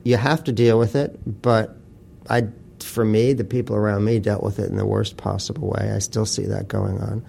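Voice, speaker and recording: A man's voice: fairly low pitch, flat delivery, moderate pace, creaky, mellow, a little hiss or hum. A man talking as an author guest in an interview, blunt and profane, telling wry stories. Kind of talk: casual interview talk.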